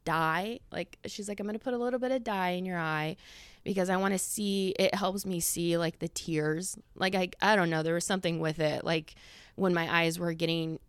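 A woman's voice: fairly low pitch, fairly even intonation, moderate pace, clean tone, no room sound. A woman in her thirties hosting a podcast, chatting in a rambling, casual way full of fillers and quoted asides, a little out of breath. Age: 30s. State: slightly out of breath. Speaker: podcast host. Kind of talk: casual monologue.

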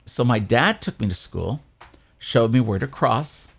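A man, a priest co-hosting a church podcast, telling a childhood story in casual chat with lively quoted voices. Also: measured pace, gravelly, husky. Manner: animated storyteller, jumps high for quoted voices.

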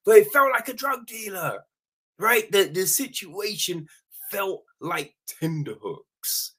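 A man talks through a film in a loose, conversational critique, slow and unhurried in pace. His voice is husky and a little rough at the edges, and he keeps the energy up by checking in with "right?" and snapping into short acted-out lines. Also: high-pitched. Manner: animated, keeps asking "right?", acts out quick quoted lines, swears freely. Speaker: film reviewer. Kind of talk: casual spoken film critique.

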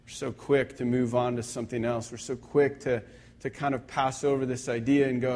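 A man's voice: mid-range voice, flat delivery, normal speed, darkish tone. A young man, a pastor, preaching a conversational sermon with self-deprecating stories.

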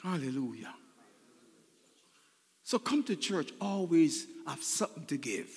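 A male pastor preaching with a high, swooping voice, his lines bright and ringing. He keeps repeating phrases and calling out to the congregation for an amen. The sound carries a long reverb, as if from a large church hall. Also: big pitch swings, a little slow, husky. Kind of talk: sermon. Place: church sanctuary.

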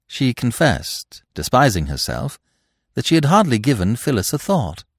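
A man narrating a classic novel in a lively, expressive storytelling manner. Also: medium pitch, moderate pace, husky, no room sound, clean studio sound.

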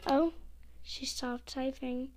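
With a high, steady, slightly mellow voice, a young woman narrates casually while texting, reading her messages out slowly. She's giggly and now and then lowers her voice to a whisper.

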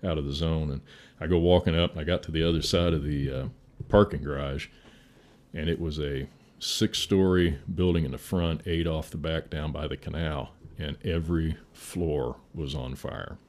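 A man's voice: extremely low pitch, steady tone, moderate pace, a little mellow. A man, a fire chief from the Midwest, telling a war story in a folksy way, swearing and chuckling now and then. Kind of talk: casual storytelling.

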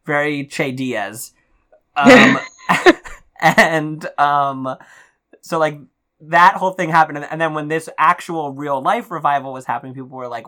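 A man's voice: a little high, unhurried. Gossipy man in casual chat. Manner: gossipy, many likes and ums, animated storytelling. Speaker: podcast co-host.

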